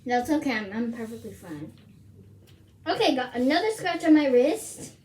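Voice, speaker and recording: High-voiced teen girl vlogging, slow and bouncy, sometimes whispering, roomy echo. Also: sing-song, a little mellow, slight background noise. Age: teens. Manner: chatty, often drops to a whisper. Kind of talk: casual vlog chat. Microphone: camera across the room. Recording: echoey room from far off.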